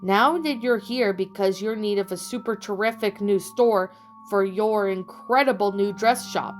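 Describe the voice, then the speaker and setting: A woman voicing a bubbly, hyperactive pink pony mare receptionist in an audiobook reading, with a high-pitched, chirpy voice and rapid excited chatter. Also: soft background music, natural voice. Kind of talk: audiobook character voice.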